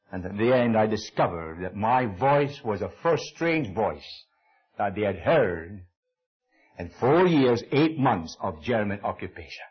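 Older Scottish preacher, lively husky storytelling. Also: male voice, muffled recording. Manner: animated storytelling, acting out dialogue with shifting pitch. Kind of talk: sermon with personal storytelling.

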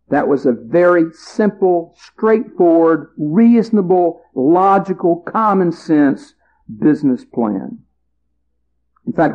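A man delivers a sermon in a relaxed, folksy way, stretching out key words with dramatic pauses. His voice sits a bit high for a man. The recording sounds muffled and lo-fi. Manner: conversational, folksy humor. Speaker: preacher.

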